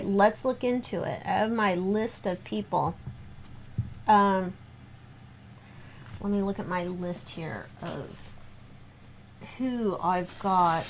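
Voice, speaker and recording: A woman's voice: medium pitch, slight background noise. A woman giving a casual spoken tarot reading, rambling with lots of fillers and restarts. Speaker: tarot reader.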